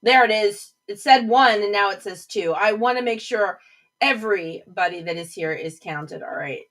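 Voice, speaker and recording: A woman's voice: medium pitch, normal speed, a bit bright, low-quality recording. A woman hosting a casual livestream, chatting and rambling between topics and greeting viewers by name. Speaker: livestream host.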